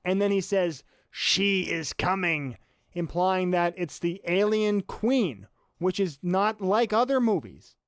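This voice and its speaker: A man's voice: high-pitched, lively intonation, unhurried, clear, resonant tone, no room sound, studio quality. A man co-hosting a movie podcast, talking in a wry, sardonic way about a film. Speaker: podcast co-host. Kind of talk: casual film-critique chat.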